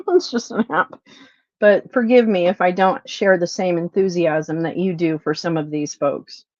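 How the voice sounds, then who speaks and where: A woman's voice: on the low side, a little slow, no room sound. Profane, frustrated woman venting on a livestream. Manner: frustrated, profane, apologetic, swings between loud venting and quiet muttering. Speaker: livestream host. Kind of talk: unscripted livestream rant. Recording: dull, lo-fi, dry livestream audio.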